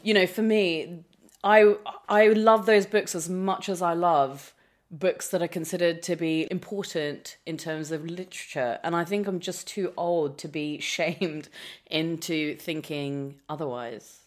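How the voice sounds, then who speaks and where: A woman's voice: lowish voice, steady tone, unhurried. A woman, chatting about books in a self-deprecating, laughing way. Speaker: guest. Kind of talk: casual chat about books.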